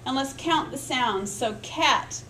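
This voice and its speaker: A woman's voice: high voice, slow pace, sharp tone, slight background noise, low-quality recording. Woman lecturing, modeling speech sounds. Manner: explains step by step, models speech sounds aloud, checks in with "right?". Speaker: literacy education instructor. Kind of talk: recorded lecture.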